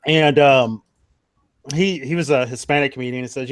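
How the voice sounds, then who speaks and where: A man's voice: mid-range voice, normal speed, smooth. A man in his forties hosting a casual online hangout, joking and laughing often. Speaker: stream host. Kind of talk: casual group chat.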